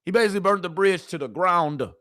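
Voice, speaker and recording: A woman streamer giving casual, animated sports commentary, full of rhetorical questions and slang. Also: lowish voice, quick pace.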